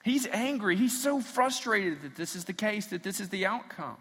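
A man's voice: high voice, lively intonation, normal speed, a bit bright, breathy edge, long reverb tail. A man preaching a sermon, reading scripture aloud and acting out the quotes as his intensity builds. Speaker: pastor.

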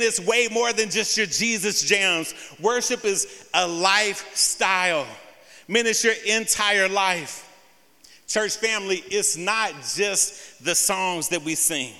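High, bright-voiced preacher in a reverberant church. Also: male voice, a little slow. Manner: says "man" often, repeats key phrases; rises in pitch and volume when preaching hard. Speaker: pastor. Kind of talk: sermon. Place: church sanctuary.

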